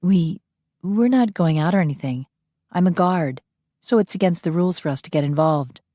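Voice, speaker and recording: A woman's voice: fairly low pitch, moderate pace, warm tone, no echo, studio quality, close to an everyday voice. A woman voicing a young female bodyguard who talks in a blunt, direct way, in an audiobook. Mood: plain.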